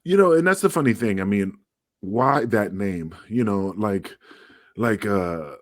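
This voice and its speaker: A low-pitched man chatting on a podcast, rambling through anecdotes and acting out what others said. He swears casually, and his voice sounds close and dry. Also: animated, measured pace, dry recording. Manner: rambling storyteller, swears, acts out quotes. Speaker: podcast co-host, former wrestler.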